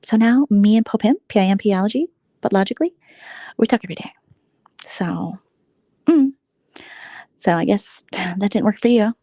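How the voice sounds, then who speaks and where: A woman's voice: medium pitch, lively intonation, moderate pace, long pauses, dark tone, dry recording. A woman vlogger in a casual late-night chat, rambling and gossipy, who keeps dropping into a whisper. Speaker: vlogger host.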